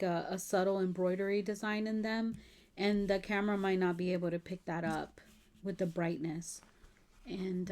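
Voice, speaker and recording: A woman talks slowly through her craft haul. Her voice is mellow and unhurried, and she keeps gushing over each piece with drawn-out admiration. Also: medium pitch. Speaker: crafting vlogger. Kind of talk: casual show-and-tell haul.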